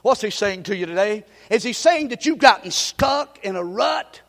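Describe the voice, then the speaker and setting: Fervent preacher, high voice. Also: male voice, lively intonation, normal speed. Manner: fervent preaching with sudden shouts and Southern folksy asides. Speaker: pastor. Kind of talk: sermon. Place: church sanctuary. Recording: long hall reverb.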